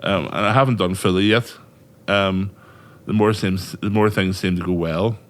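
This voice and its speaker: A man's voice: low voice, fairly even intonation, moderate pace. A man in his forties with a Northern Irish accent, a DJ and actor talking candidly as a podcast guest, swearing freely and laughing easily. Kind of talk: casual interview chat.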